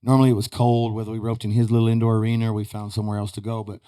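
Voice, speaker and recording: A man's voice: on the low side, little pitch movement, very fast, mellow, clean tone. A man telling rambling, folksy stories as a guest in a studio. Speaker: podcast guest, retired rodeo roper. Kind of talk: casual chat.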